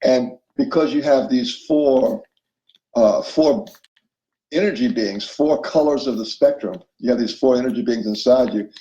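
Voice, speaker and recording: A man's voice: mid-range voice, measured pace, dark tone, reverberant, dull audio. A man as an interview guest, explaining spiritual self-help ideas and checking in often with his listener. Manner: explanatory, acts out inner voices, checks in with listener.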